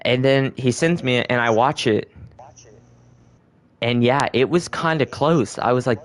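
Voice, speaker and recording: A man's voice: mid-range voice, moderate pace. A young man talks loosely through his podcast in an ordinary mid-range voice. He rambles and swears freely. He catches his own slips and corrects them as he goes. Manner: rambling, profane, self-correcting. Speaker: podcast host. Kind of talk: casual conspiracy chat.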